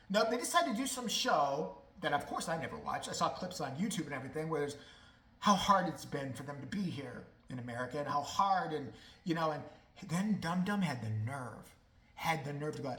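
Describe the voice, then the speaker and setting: A woman's voice: on the low side, sharp tone, reverberant, low-quality recording. Profane, mocking woman ranting. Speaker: vlogger. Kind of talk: ranting commentary.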